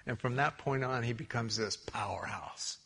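A man preaching a sermon in church, telling stories with animated, loud peaks and quiet asides. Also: mid-range voice, moderate pace, creaky, breathy edge. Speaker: pastor.

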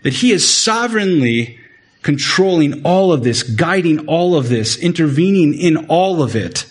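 A man preaching a sermon in an earnest way, often repeating words and rising in pitch to stress a point. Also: animated, measured pace, breathy edge. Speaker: pastor.

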